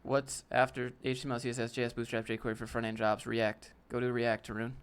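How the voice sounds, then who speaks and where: A man speaks a little fast in a clean, medium-pitched voice with a level tone while hosting a casual live Q&A stream. Using a desk setup with a DSLR camera, he answers chat without sugarcoating and critiques a viewer's portfolio, peppering in "fam" and "dude."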